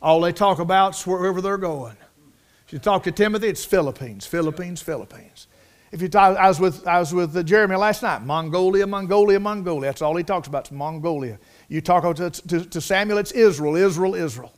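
A middle-aged man preaching a sermon in a folksy, emotional way, repeating words for emphasis and swinging from hushed to loud and fervent. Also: high-pitched, fairly quick.

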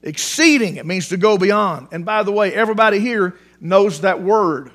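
A man preaching a sermon in a church, animated, repeating words for emphasis and restarting phrases often. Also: high-pitched, normal speed. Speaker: pastor. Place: church sanctuary.

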